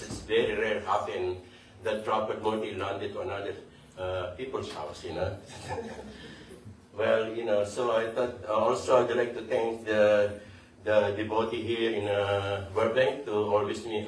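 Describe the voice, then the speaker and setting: A low-voiced man talks in a flat, even tone, drifting through loose sentences full of fillers and non-native grammar. He stands away from the mic in a large temple hall, so his voice echoes. Faint background noise runs underneath. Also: recorded from a distance. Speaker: devotee giving a homage. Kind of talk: informal spoken tribute.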